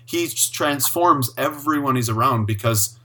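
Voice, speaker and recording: Male host, mid-pitched, bright tone; warm storyteller energy. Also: normal speed. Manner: enthusiastic, storytelling, affirming. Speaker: podcast host. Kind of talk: conversational interview.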